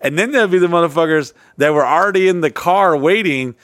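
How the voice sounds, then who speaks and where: A man co-hosting a podcast in casual chat, telling profane stories loudly and jumping up in pitch. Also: expressive, quick pace, no room sound. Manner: profane, loud storytelling with sudden pitch jumps. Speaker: podcast co-host.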